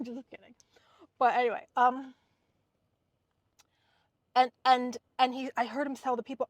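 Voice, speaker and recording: Animated woman telling a storytime in a car. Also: high voice, moderate pace, long pauses, dry recording. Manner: animated, acts out quoted people. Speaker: vlogger. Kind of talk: casual storytime chat.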